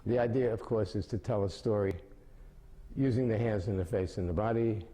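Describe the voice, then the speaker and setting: A man in his seventies explaining mime and telling jokes with lively storytelling, his voice rising high as the stories build. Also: a little fast. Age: 70s. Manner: animated storytelling with big pitch jumps.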